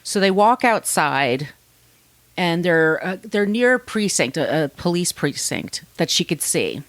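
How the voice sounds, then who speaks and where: A woman podcast host telling a true-crime story in a casual, animated way, often acting out what people said and swearing freely. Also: on the low side, unhurried, no room sound. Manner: chatty, animated, acts out quotes, swears freely.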